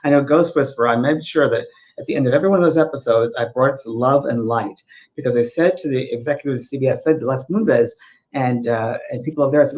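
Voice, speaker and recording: A man's voice: mid-range voice, quick pace, darkish tone, lo-fi sound. A man hosting a spiritual talk show, telling stories and giving earnest advice, often repeating his points for emphasis. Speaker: spiritual teacher and show host. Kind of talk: casual spiritual talk and storytelling.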